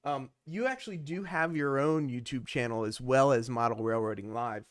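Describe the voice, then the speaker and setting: A man's voice: mid-range voice, normal speed, no echo, studio quality. Easygoing man reading viewer questions. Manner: easygoing, joking. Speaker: live stream host.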